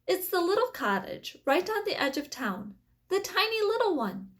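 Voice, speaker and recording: A woman reading aloud, voicing an eager, earnest young boy in a storybook with a raised, excited voice. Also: extremely high pitch, normal speed, pitched above the performer's own voice. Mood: helpful.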